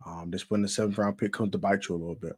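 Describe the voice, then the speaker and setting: A man's voice: deep voice, fairly even intonation, racing, slightly rough. A man ranting about football in casual slang, emphatic and repetitive. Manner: emphatic, repetitive, gets louder as he goes. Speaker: sports commentator. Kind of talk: casual sports rant.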